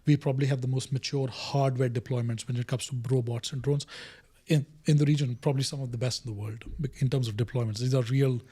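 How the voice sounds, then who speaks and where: Husky man telling a work story. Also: mid-range voice, quick pace, few pauses. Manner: animated storyteller who acts out quoted dialogue. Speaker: guest, innovation director. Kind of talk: conversational interview storytelling.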